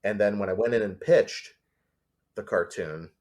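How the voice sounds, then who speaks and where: The speaker, a storyboard artist on a casual interview, has a lowish voice and talks at a normal speed. He tells his stories with animation and acts out the voices.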